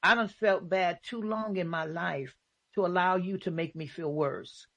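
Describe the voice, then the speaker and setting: A woman's voice: lowish voice, unhurried, no room sound, lo-fi sound. A woman hosting a casual faith talk show, speaking emphatically and repeating her points.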